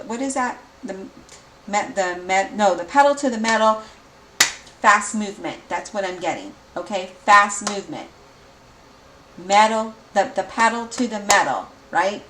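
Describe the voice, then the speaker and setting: A woman giving a tarot reading, energetic and repetitive, speeding up when excited. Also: mid-range voice, unhurried, a little hiss or hum. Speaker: tarot reader. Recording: echoey room, mic at a distance.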